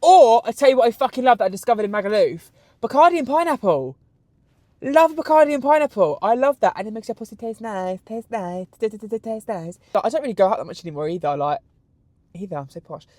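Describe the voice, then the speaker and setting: A man's voice: high voice, quick pace, no room sound. Brief: British man in his 20s, podcast host, camp and crude, close dry mic. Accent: British English. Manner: animated, crude, camp storytelling. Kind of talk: solo podcast answering questions.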